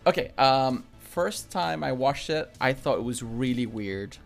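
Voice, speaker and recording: Hesitant podcast co-host with a lively pitch. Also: a little slow, vocal fry, faint music behind. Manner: hesitant, laughs often, playful mimicry. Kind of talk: casual chat.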